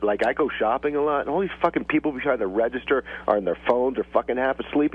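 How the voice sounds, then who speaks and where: A man's voice: medium pitch, fast, breathy edge. A man calling in to a talk radio show, laid-back and rambling, swearing freely. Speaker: caller. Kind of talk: call-in chat on talk radio. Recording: tinny phone line.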